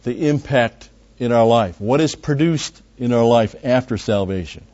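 A man teaches a Bible passage verse by verse in a mid-range, darkish voice at a moderate pace. His style is conversational, with frequent asides and restarts, and he leans heavily on key words. The recording is dull and lo-fi.

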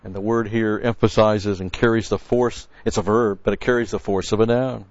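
A man's voice: on the low side, steady tone, moderate pace, a little mellow, dry recording. A man giving verse-by-verse sermon teaching as a Bible teacher, stressing points by repeating key words and explaining the grammar of the original text. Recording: dull, dry lo-fi recording.

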